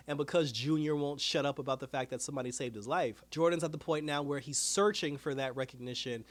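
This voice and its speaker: A man hosting a casual TV episode review, retelling scenes in an animated way with quoted dialogue and frequent laughs. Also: mid-range voice. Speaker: TV review host.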